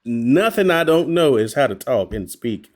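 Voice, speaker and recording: Animated man telling stories with laughter. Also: medium pitch, normal speed. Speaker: voice actor guest. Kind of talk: candid podcast storytelling.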